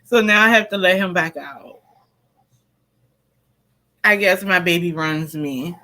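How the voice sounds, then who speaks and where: This tarot reader speaks in a lowish, sharp voice at a slow pace while hosting a casual live stream. Addressing both her viewers and her pet directly, she's picked up by a computer or phone mic in a rough recording.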